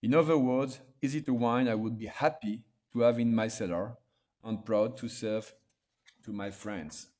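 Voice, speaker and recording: Man, host, halting delivery, many fillers, video call. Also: lowish voice, a little mellow. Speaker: host of an online wine tasting. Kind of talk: hesitant live presentation.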